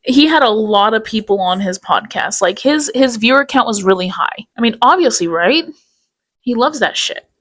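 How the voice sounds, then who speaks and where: A woman's voice: a little high, animated, moderate pace, a bit bright, no echo. A woman hosting a commentary channel, speaking in a blunt, critical, casual way. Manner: blunt, critical, talks ahead of herself.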